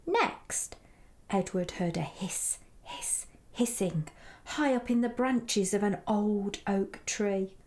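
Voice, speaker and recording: A woman reading a children's story aloud, gentle and expressive, playfully voicing the animal sounds. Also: mid-range voice, takes it slowly.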